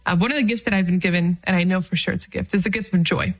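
Lively woman giving a casual faith talk. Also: on the low side, very fast, rough recording. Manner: lively, self-deprecating, with laughs and fillers.

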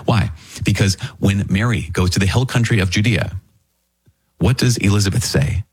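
Lively male Bible teacher, low and husky, who keeps asking his listeners rhetorical questions. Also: moderate pace, dry recording. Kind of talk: scripture commentary.

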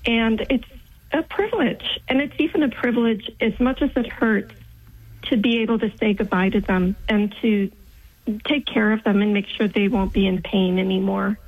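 A woman in her fifties, calling in to a radio talk show, speaking earnestly and gently. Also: mid-range voice, fairly even intonation, moderate pace, slightly rough. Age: 50s. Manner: earnest, gentle, faith-filled. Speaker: caller. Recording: thin phone line.

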